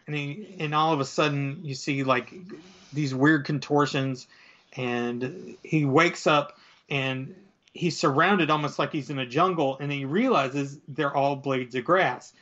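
A man's voice: on the high side, fairly bright tone. A man casually retelling a comic book story, rambling with lots of fillers and acting out bits. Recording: dull lo-fi sound.

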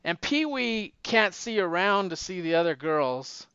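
A man casually retelling a movie plot, animated and acting out the characters' lines in raised voices. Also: high-pitched, a little slow, smooth, dry recording, dull audio.

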